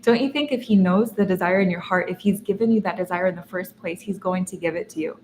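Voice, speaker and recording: A young woman teaches a masterclass in an earnest, animated way. Her voice sits low for a woman and she tells her stories with laughs here and there. A faint noise runs beneath her. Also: quick pace. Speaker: feminine energy coach. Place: in Dubai. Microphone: seated while teaching.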